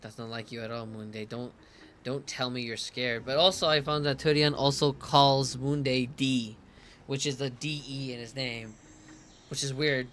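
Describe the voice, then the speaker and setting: A man's voice: mid-range voice, level tone, normal speed, a bit bright, a little hiss or hum. A man doing casual gameplay commentary, reading subtitles aloud, giggly and self-mocking. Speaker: gaming streamer.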